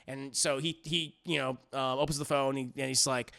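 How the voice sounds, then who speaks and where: A man's voice: on the high side, expressive, fast, vocal fry, few pauses, bright, forceful tone. A man reviewing music on a live stream, recapping a story in a rambling, profane way, with many fillers and restarts.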